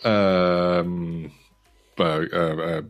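A man's voice: sits low, level tone, drawn-out words. A man co-hosting a travel podcast, casual and wry, hesitating with fillers. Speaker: podcast co-host. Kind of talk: casual chat.

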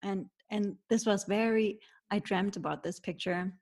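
Female interviewer, gentle, halting delivery, reflective. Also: mid-range voice, steady tone. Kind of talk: conversational interview.

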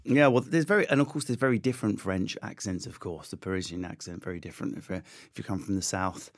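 A comedian with an Essex accent, chatting as a guest in a relaxed interview, riffing playfully on stereotypes. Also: male voice, deep voice, fast. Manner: animated, jokey, riffs on stereotypes. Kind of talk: casual interview chat.

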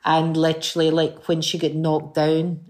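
A woman's voice: low-pitched, normal speed. A middle-aged Scottish woman, a guest singer on a chat show, telling anecdotes and acting out the voices in them. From Scotland. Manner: animated storyteller, acts out voices in anecdotes.

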